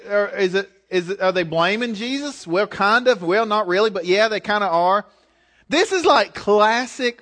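A high-voiced man delivers a sermon conversationally and at ease, hammering his points home with emphatic, direct urging.

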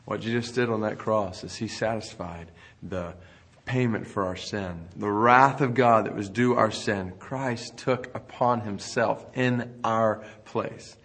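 A man's voice: lowish voice, a bit bright. A man preaching a sermon in an earnest manner, building intensity as he speaks.

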